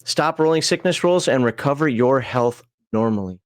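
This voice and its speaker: A man's voice: mid-range voice, animated, moderate pace, no room sound, studio quality. A man casually reading game rules on a livestream, rambling with frequent chuckles and side tangents. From American Upper Midwest.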